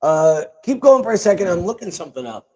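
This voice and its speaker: A man hosting a casual political talk show at his desk, animated and joking, speaking into a boom-arm microphone. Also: fast, rough recording. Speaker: show host. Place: home desk. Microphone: boom-arm desk mic.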